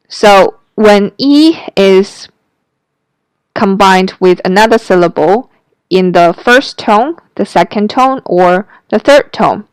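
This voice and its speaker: A woman teaching a Mandarin pronunciation lesson, taking her time over every word. Her voice is smooth and clear, and it is recorded dry and close, with no room sound. She models each syllable carefully for the listener to repeat. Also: mid-range voice, no echo. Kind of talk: slow, careful language lesson narration.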